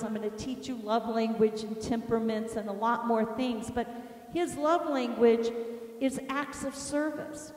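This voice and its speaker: A woman teaching a class, telling a personal story in an animated, emphatic way. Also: a little high. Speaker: teacher of an inner healing course. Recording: echoey hall from far off.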